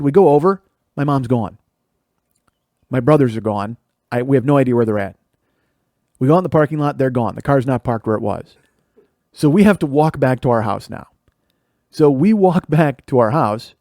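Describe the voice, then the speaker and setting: Man, middle-aged, podcast host, storytelling monologue, profane, laughing, middle pitch, dry close recording. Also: expressive, quick pace, mellow, dry recording. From Chicago area, USA. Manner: profane, laughing through stories.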